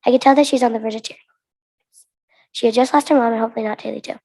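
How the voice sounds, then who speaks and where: A woman's voice: a little high, fairly even intonation, rapid-fire, warm tone. A young American woman reading her own story aloud to a conference audience, earnest and with restarts. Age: teens. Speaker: student reader.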